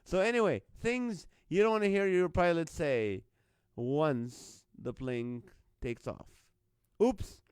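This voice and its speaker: A man's voice: a little high, takes it slowly, smooth, dry recording. A man hosting a live online comedy show, reading out viewer jokes, greeting viewers by name and laughing often at the lines.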